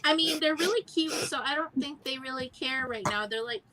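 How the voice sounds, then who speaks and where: A woman in a casual group chat, speaking hesitantly with many ums and pauses. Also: sits high, crowd noise, poor audio.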